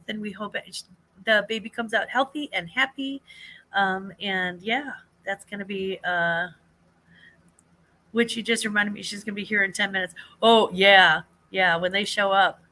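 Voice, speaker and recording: An older woman, a grandmother, hosting a casual live chat, rambling warmly with many fillers, restarts and frequent laughs. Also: medium pitch. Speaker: livestream host.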